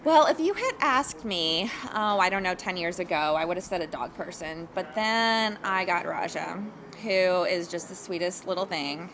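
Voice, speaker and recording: A luxury real estate agent, chatting casually in an interview, acts out quotes as she spins lively stories. Her voice is on the low side at normal speed. The background is noisy.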